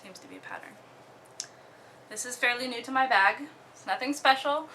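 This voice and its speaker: A young woman from Oklahoma casually talking through her disc golf bag, relaxed, with many ums and the odd giggle. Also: a little high, moderate pace, a little hiss or hum. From Oklahoma, USA. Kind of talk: casual show-and-tell.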